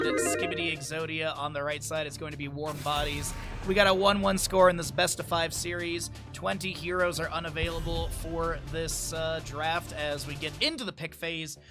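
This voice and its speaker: Slightly high in pitch, this young guy drifts through casual play-by-play for a livestreamed esports event. His talk wanders and leans on fillers, with a somewhat drowsy feel.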